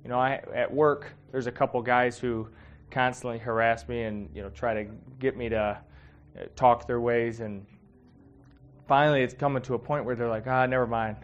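A man's voice: mid-range voice, steady tone, moderate pace, dull audio. A man giving a casual, heartfelt sermon, talking conversationally with many fillers and getting emotional. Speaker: preacher.

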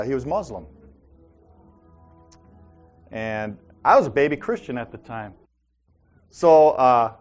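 A man's voice: medium pitch, a little mellow. A man hosting a faith talk show, telling personal stories and often checking in with "right?" and "Amen?". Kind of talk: faith-based casual talk.

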